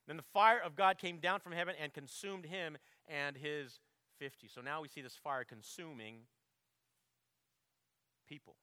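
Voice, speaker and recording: A man preaching a sermon, with emphatic bursts on quoted verses, quieter reflective asides and frequent throat clearing. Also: normal speed, no echo, studio quality. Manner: emphatic preaching, swelling loud on quotes, dropping low to reflect. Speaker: pastor.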